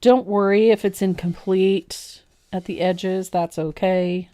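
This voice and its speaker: A woman hosting a live painting tutorial, chatty and quick to laugh, poking fun at herself as she explains each step. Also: mid-range voice, steady tone, warm tone. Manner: chatty, laughs easily, self-deprecating. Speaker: host and painting teacher.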